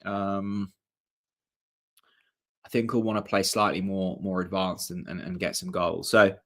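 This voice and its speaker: A young man hosting a live football watchalong, chatting with viewers and reacting to the match in a casual, excitable way. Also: sits low, unhurried. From Norfolk, England. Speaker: host of a fan channel watchalong.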